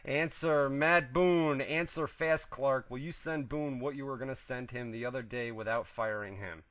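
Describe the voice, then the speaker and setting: A man's voice: medium pitch, moderate pace, a bit bright, no room sound, highs cut off. Man hosting an internet wrestling radio show. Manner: profane, teasing banter. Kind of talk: casual wrestling radio chat.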